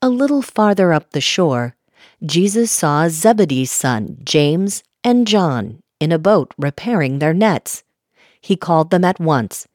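Low-voiced woman reading scripture. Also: a little mellow, dry recording, studio quality. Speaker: Bible reader.

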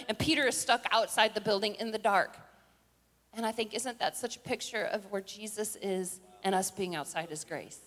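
An older woman preaching a sermon, telling the story with animated acted-out voices and rising to shouted declarations. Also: a little high. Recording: long hall reverb.

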